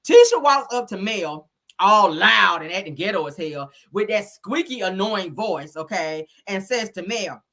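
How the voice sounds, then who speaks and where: A woman hosting a live stream, recapping a reality show episode in a sassy, blunt, animated way. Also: medium pitch, a little slow. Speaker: host.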